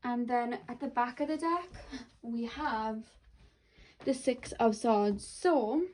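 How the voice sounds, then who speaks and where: A woman's voice: a little high, slow, a little mellow, recorded from a distance. A woman giving a pick-a-card tarot reading, rambling and full of "like" and self-corrections. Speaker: tarot reader.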